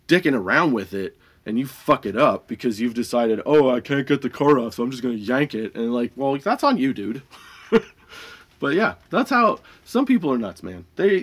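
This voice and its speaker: A man casually telling stories about his old dispensary job, laid-back, swearing freely and laughing often, and high while he talks. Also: fairly bright tone. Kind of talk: casual storytelling monologue.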